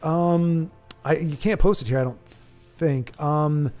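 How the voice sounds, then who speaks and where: A man with a slightly high-pitched voice hosts a casual livestream, reading out viewer comments. He rambles through animated tangents, restarting his sentences often. Soft music plays faintly behind him. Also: takes it slowly. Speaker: livestream host.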